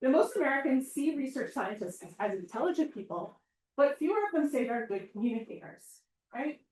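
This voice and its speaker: Chatty woman prof giving a talk, kinda high voice, echoey and far from the mic. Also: a little fast. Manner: chatty, uses "right?" and "like" often; animated, acts out quoted voices. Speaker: assistant professor giving a public talk. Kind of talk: informal lecture. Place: outdoor event or hall.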